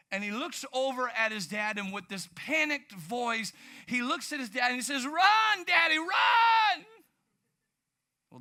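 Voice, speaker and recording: A man preaching a sermon, telling stories in an animated way with sudden loud outbursts. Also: sits high. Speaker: pastor.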